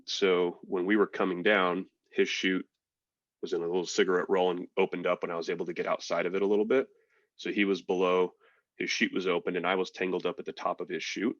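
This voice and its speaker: Deep-voiced man telling a story casually. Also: a little fast, no echo, highs cut off. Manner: relaxed, frank, peppered with swearing and fillers. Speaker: podcast guest, military veteran.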